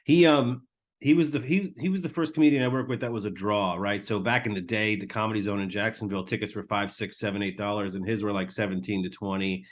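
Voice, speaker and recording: A middle-aged man hosting a casual chat, telling an animated story and acting out the people in it. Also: lowish voice, fast talker. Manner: animated storyteller, acts out quotes. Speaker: host.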